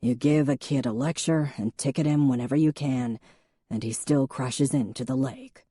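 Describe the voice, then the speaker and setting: A woman narrator voicing a patient, dry-humored male police chief who speaks steadily and calmly. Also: mid-range voice, normal speed, breathy edge, no echo, close to an everyday voice. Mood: steady. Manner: steady, calm, gently teasing.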